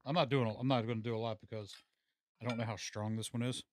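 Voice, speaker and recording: A man's voice: medium pitch, fairly even intonation, quick pace, a little hiss or hum. A man hosting a casual podcast chat, laid-back and swearing freely. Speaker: podcast host. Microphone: studio mic.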